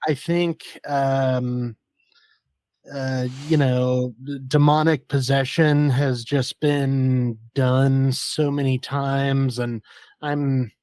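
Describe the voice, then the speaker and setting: Male guest critic, hesitant and unhurried, mid-pitched voice, dry recording. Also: flat delivery, darkish tone, clear, resonant tone, no echo. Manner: halting, hesitant, restarts words. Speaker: podcast guest, film critic. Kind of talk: casual film review chat.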